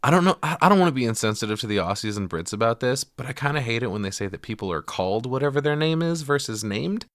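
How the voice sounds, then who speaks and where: A man's voice: mid-range voice, fast, hardly any pauses, dry recording, clean studio sound. An American man co-hosting a podcast, casually recapping a film and acting out lines with lots of swearing. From United States. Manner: animated retelling with put-on quotes, swears often. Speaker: podcast co-host. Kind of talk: casual movie recap chat.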